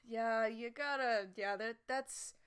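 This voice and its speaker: A woman's voice: a little high, takes it slowly, a bit bright, clean tone. A woman co-hosting a casual podcast, sleepy and yawning, agreeing a lot and hesitating with many fillers. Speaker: podcast co-host.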